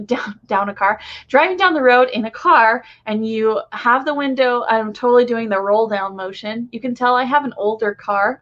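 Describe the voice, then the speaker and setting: A young woman with a stuffy nose from crying, gently and reassuringly relaying a channeled spiritual message to viewers, rambling a little with fillers. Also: on the high side. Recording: dull lo-fi home recording.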